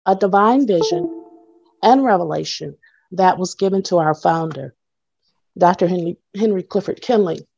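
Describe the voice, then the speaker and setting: Slow, breathless woman teaching over a call. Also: mid-range voice, gravelly, darkish tone, dull audio. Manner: halting, with many fillers and pauses. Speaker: guest speaker. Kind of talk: teaching in an online Bible class. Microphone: video call.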